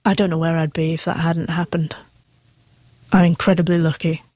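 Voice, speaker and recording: A woman's voice: sits low, flat delivery, moderate pace, a little mellow, dry recording. A middle-aged woman who stutters, telling her personal story candidly as an interview guest. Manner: stutters with sound repetitions, candid and earnest.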